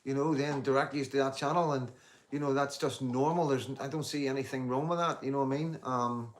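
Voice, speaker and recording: A man's voice: mid-range voice, steady tone, a little fast. A man, hosting a casual livestream and talking bluntly to viewers, swearing freely as he reads out their comments. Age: 50s. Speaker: livestream host.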